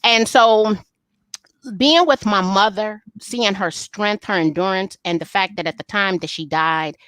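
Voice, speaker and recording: A middle-aged woman, an interview guest, telling family stories candidly and acting out the dialogue with lively, folksy humor. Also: mid-range voice, measured pace, dry recording. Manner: animated, folksy storyteller who acts out family dialogue. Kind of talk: candid storytelling in a live interview.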